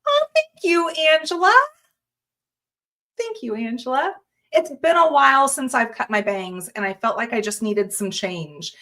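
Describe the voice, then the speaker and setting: A woman with a somewhat high voice hosts a live craft stream in an upbeat, chatty way. She reads viewer comments aloud and greets each one by name in a casual tone. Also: measured pace, bright, forceful tone. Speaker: host of a live jewelry-making stream. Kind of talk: casual livestream chat with viewers.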